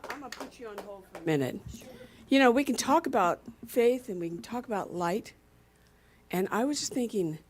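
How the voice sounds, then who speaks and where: A woman's voice: mid-range voice, husky. A woman speaking to a congregation, playfully calling on people to say what they love and responding to their answers. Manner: lively, playful, questions the congregation directly. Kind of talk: interactive sermon.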